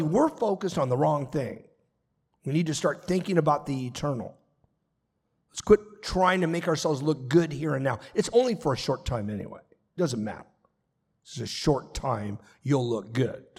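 A man's voice: fairly high pitch, slightly rough. A man pastor preaching a sermon, earnest and emphatic, repeating his points. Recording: long reverb of a large hall.

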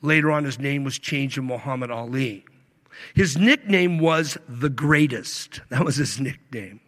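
A male pastor delivering a sermon, stretching key words slowly and swinging between loud emphasis and hushed asides. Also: medium pitch. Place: church sanctuary. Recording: long reverb of a large hall.

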